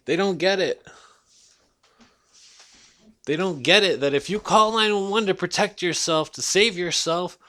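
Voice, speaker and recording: A man in a loose, unscripted rant, blunt and heated, with swearing in almost every sentence. His voice sits a little higher than most men's. He talks straight at the listener as a vlogger would. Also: expressive, a little slow, pauses often, pushed and bright. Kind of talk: casual rant monologue.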